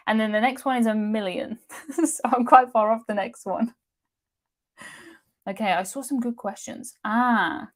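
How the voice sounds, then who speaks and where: Lady chatting on a live stream, bubbly and giggly, fairly high voice. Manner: chatty, laughs often, excitable. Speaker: cruise YouTuber hosting a live stream. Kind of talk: casual live-stream chat reading comments.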